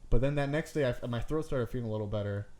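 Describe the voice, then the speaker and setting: Speaking very fast in a darkish, medium-pitched voice, a man co-hosts a podcast and spins a long, rambling story. "Like," "I'm like," "bro," and casual swearing run all through it.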